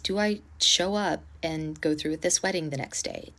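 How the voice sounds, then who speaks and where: A woman casually telling a storytime at home, animated and indignant, acting out what others said. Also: low voice, moderate pace. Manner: animated, indignant retelling with acted-out quotes; speaking quietly to avoid disturbing a neighbor.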